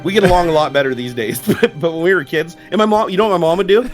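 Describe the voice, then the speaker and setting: A rapid-fire, slightly high-voiced man riffs through a casual livestream with loose, profane storytelling. Faint music plays underneath. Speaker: streamer co-host.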